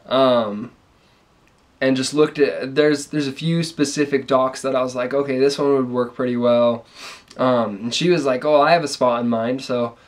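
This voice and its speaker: A man's voice: medium pitch, steady tone, normal speed. Brief: young man, easygoing rambling storyteller, mid-range voice, casual vlog chat. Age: young adult. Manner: laid-back, rambling, lots of ums. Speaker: vlogger's fiancé.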